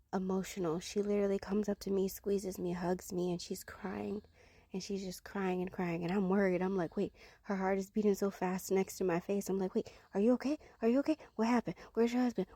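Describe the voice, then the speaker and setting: Woman with a low, gravelly voice. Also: warm tone, no room sound, studio quality. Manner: earnest, conversational, acts out her own past reactions. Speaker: Christian sharing a personal testimony. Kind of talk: personal testimony storytelling.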